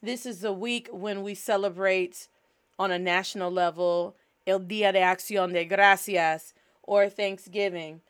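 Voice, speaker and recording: A woman's voice: mid-range voice, steady tone, unhurried, smooth. A woman hosting a language lesson in a casual, upbeat teaching style, moving between English and Spanish. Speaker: host.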